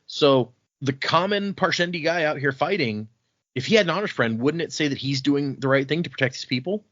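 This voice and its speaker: A man's voice: fairly high pitch, expressive, brisk, a bit bright, dry recording. Chatty male podcast host, dull dry audio. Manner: chatty recap, frequent fillers. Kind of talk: casual book discussion.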